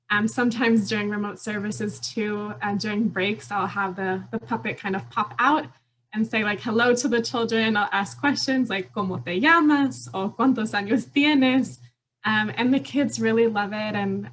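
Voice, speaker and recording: A woman's voice: medium pitch, a little hiss or hum, low-quality recording. A woman lawyer giving an earnest, explanatory conference presentation with occasional fillers. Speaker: immigration attorney.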